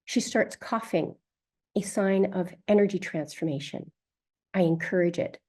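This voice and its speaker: A woman therapist narrating a session account in a slow, gentle, measured way. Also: medium pitch.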